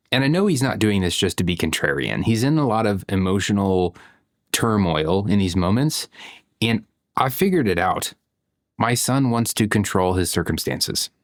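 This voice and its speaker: A man's voice: fairly low pitch, dry recording, clean studio sound. A man in his thirties talking through a reflective vlog monologue, conversational, with frequent "you know" and "right?". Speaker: parent vlogger.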